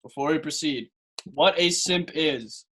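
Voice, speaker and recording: A man's voice: on the high side, measured pace, fairly bright tone. A young man co-hosting a casual podcast, playful and emphatic, often laughing. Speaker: podcast co-host.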